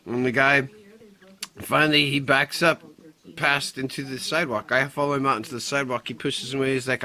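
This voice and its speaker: A man's voice: medium pitch, steady tone, fairly quick, pushed and bright. A middle-aged man recounting a confrontation in a personal vlog, agitated and swearing often as he retells it. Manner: agitated, profane storytelling. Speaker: vlogger.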